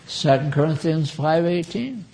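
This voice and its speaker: A man in his nineties giving an informal Bible teaching, slow and chatty, with asides to his listeners. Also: a little high, animated, gravelly, dark tone. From United States. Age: 90s.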